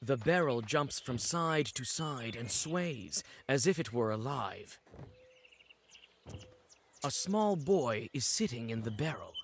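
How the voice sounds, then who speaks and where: A man reading scripted narration for a video game in a measured storytelling manner. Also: medium pitch, lively intonation, slight background noise.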